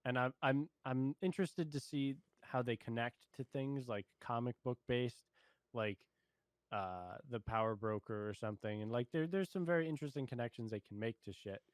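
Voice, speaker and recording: A young man in a casual show review, talking in an easygoing, measured way with hedging fillers. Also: mid-range voice, no echo.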